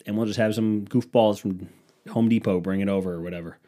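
A young man hosts a solo podcast, telling rambling, profane, scatterbrained stories and putting on mocking voices for quotes. His voice is fairly low and mellow, and he talks fast.

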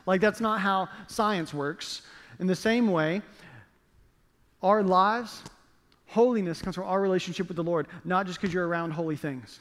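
A man's voice: high-pitched, moderate pace, a bit bright. A male pastor preaching a sermon, telling the story with playful jokes and acted-out asides. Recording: long reverb of a large hall.

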